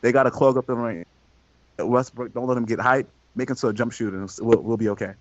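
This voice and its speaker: A man's voice: mid-range voice, steady tone, fast talker, no echo. A man talking sports bluntly on a podcast, in a slangy way. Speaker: podcast co-host. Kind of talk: casual sports talk. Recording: dry muffled lo-fi audio.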